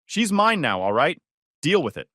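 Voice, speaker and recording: Guy playing a smug pushy little brother, lively voice, no room sound. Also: a little high, normal speed, dry recording, clean studio sound, voice pushed up. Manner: smug, aggressive. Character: younger brother, smug then aggressive young man.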